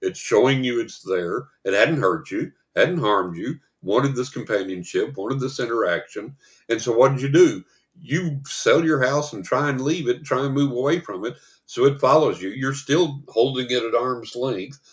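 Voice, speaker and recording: A man's voice: medium pitch, moderate pace. Older man telling a story. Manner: lively storyteller who acts out the people in his anecdotes. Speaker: psychic guest. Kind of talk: storytelling in a podcast interview.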